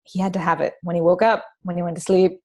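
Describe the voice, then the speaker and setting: Brief: female parenting author guest, warm mellow tone, chatty storyteller, lots of restarts. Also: lowish voice, quick pace. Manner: animated storytelling with many restarts and fillers. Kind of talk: casual interview conversation.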